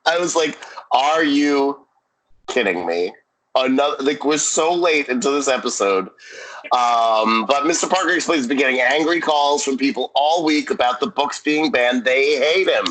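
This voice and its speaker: A man co-hosting a podcast in casual chat, recapping with jokes and quick asides. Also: mid-range voice, a bit bright, slight background noise, rough recording. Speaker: podcast co-host.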